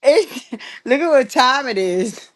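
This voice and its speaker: A middle-aged woman calling in to a livestream from bed at home, talking in a relaxed, drowsy way and laughing easily. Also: sits high, slow pace, dry recording. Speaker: guest caller. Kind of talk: casual livestream chat.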